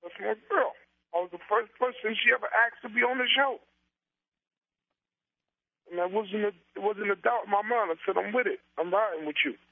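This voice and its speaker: High-voiced impassioned man on a phone line. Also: moderate pace, pauses often. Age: 40s. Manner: impassioned, repetitive, preacher-like build-ups. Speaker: interview guest, comedian and author. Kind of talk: emotional interview talk.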